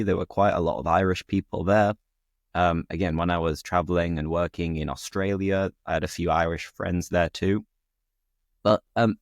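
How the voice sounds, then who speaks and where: A man's voice: sits low, no room sound, clean studio sound. A British man hosting a podcast, chatting casually and laughing at his own jokes. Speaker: podcast host, English teacher.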